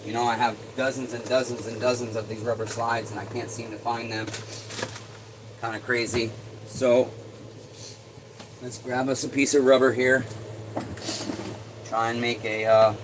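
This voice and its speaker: A man's voice: medium pitch, moderate pace, pauses often. A man streaming live from his repair workshop, talking casually while he works and muttering curses under his breath. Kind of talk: casual livestream talk while working. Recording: steady air-conditioning hum.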